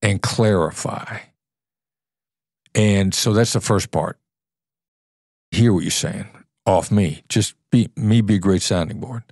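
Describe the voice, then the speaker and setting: A man with a very low, deep voice talks through his ideas in an earnest, explanatory way, now and then demonstrating tones of voice. The sound is dry and close, with no room echo. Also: slow, vocal fry, pauses often, a little mellow. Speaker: podcast guest, former FBI negotiator. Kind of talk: conversational interview.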